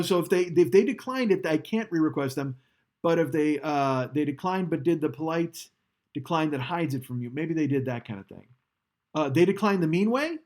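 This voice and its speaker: On a casual live stream from his home setup, a man with a higher, slightly mellow voice rambles, swears and pokes fun at himself. He's leaning back from his studio microphone as he talks.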